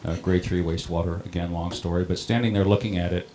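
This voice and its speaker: A middle-aged man who runs a town water system recounts a personal story in a plain-spoken, halting way. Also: sits low, fairly even intonation, mellow, slight background noise. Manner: plain-spoken, halting, many ums and restarts. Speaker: water district operator on a panel.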